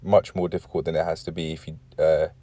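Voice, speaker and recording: A man's voice: rumbling low, flat delivery, fast, mellow, dry recording. A young man talking through a casual personal vlog, rambling and reflective, correcting himself often, with a dry throat. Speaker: vlogger.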